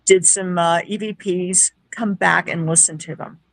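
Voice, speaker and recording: A woman's voice: on the low side, moderate pace, creaky, dry recording, low-quality recording. A woman guest who is a paranormal investigator, telling a story casually and acting out quoted dialogue. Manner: lively, acts out quoted dialogue.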